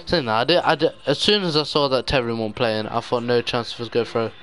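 A man's voice: mid-range voice, steady tone, brisk, fairly bright tone, faint music behind. A young man giving live gameplay commentary, despairing and muttering with sudden outbursts. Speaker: gaming YouTuber.

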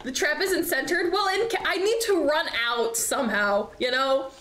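High-voiced young woman streaming a horror game. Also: very animated, moderate pace, fairly bright tone. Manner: chatty, swears a lot, reacts with nervous laughs. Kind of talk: live game commentary. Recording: echoey room, faint noise.

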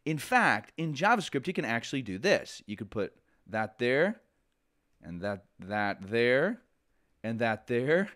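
A man's voice: medium pitch, sing-song, normal speed, hardly any pauses, a bit bright. A man teaching a programming lesson in a conversational way, often restarting sentences and adding asides. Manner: conversational, self-correcting, with frequent asides. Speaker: programming instructor. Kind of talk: casual lecture.

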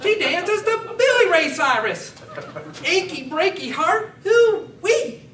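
A man voicing a folksy, eager, dim rural man in overalls, with a high drawling put-on voice and slow, exclaiming speech. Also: big pitch swings, bright, forceful tone, slight background noise, full character voice. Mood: folksy proud. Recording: echoey hall, mic at a distance.

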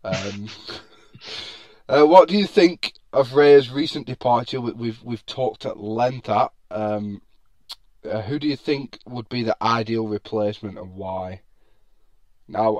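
A man's voice: lowish voice, a little slow, darkish tone, dry recording. A man hosting a casual football podcast, chatty, laughing often and full of fillers. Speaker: podcast host.

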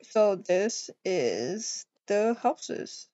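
A woman voicing an affectionate young adult boyfriend in a game role-play, talking softly and doting. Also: mid-range voice, big pitch swings, extremely slow, no echo, lo-fi sound, pitched below the performer's own voice. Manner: soft, doting, calls partner baby.

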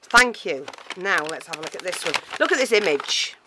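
A woman's voice: fairly low pitch, moderate pace, noisy background. A woman chatting casually to camera as she unboxes a parcel, gushing and a little out of breath. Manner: excitable and chatty, many fillers, gushing thanks. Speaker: craft vlogger.

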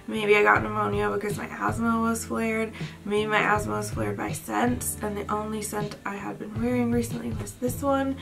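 A woman's voice: medium pitch, little pitch movement, moderate pace, gravelly, over music. A young woman vlogger chatting casually at home, rambling and often unsure how to pronounce names. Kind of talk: casual chat. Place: indoors at home at night.

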